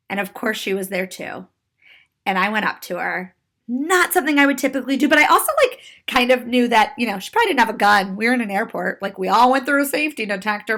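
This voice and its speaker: A woman comedian telling a personal story in a candid, expressive monologue, with self-mocking asides. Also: fairly high pitch.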